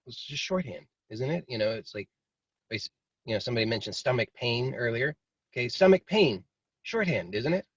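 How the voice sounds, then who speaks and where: A man's voice: medium pitch, animated, brisk, husky, dry recording. A man teaching in a casual, rambling way, now and then acting out inner voices. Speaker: meditation teacher. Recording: dry, slightly muffled video call audio.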